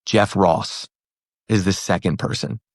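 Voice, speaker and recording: A comedian in his thirties telling a story in a casual interview, animated, acting out the other people in it. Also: deep voice, measured pace, no echo, clean studio sound. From New York and Pennsylvania. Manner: animated, acts out quoted voices. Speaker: comedian guest.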